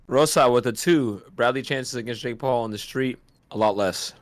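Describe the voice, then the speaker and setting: Hyped dude doing casual fight commentary, slangy, laughs a lot, dry close mic. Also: male voice, medium pitch, no echo. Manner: excitable, laughs often, slangy. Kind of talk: casual watch-party commentary.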